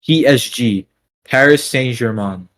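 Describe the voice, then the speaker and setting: A teenage boy co-hosting a casual podcast, chatting in a relaxed, easygoing way. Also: medium pitch, unhurried. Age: teens. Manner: relaxed, chatty, talks sports. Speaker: podcast co-host. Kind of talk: casual chat.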